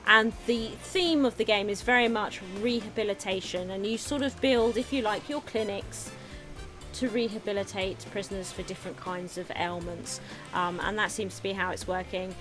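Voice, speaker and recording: A woman's voice: medium pitch, steady tone, normal speed, music in the background. A woman giving casual, chatty commentary while streaming a management game, often giggling and talking to her viewers.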